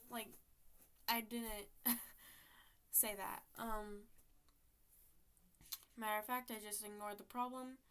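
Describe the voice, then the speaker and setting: A woman's voice: fairly high pitch, flat delivery, slow, long pauses, fairly bright tone, smooth. A teenage girl casually telling a personal story to her viewers, acting out text messages with lots of fillers. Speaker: storytime vlogger.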